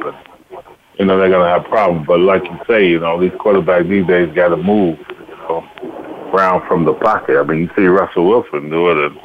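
Man, low voice, rambling, filler-heavy, casual football chat, phone line, faint hiss. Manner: rambling, many "you know" fillers, restarts. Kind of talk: casual sports talk.

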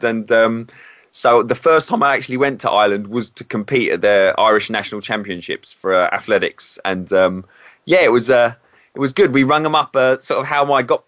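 A man's voice: medium pitch, quick pace, fairly bright tone, dry recording, studio quality. A man, a former PE teacher, talks candidly and hesitantly in a casual interview. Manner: candid, hesitant, self-correcting.

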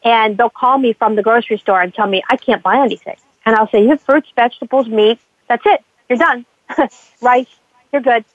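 An addiction counselor with a high-leaning, brisk voice tells animated stories in a conversational interview, acting out the voices of the people she works with. The line sounds tinny and phone-like, dry with no room sound.

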